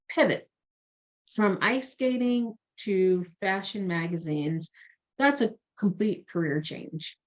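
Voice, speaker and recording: Chatty low-voiced woman career coach. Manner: chatty and digressive, self-correcting. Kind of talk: casual explanatory talk. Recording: dull lo-fi sound.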